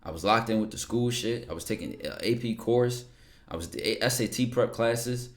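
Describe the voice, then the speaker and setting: At a moderate pace and medium pitch, a young man chats on a casual livestream, bluntly fielding viewer questions. He curses freely, uses lots of slang, and repeats words.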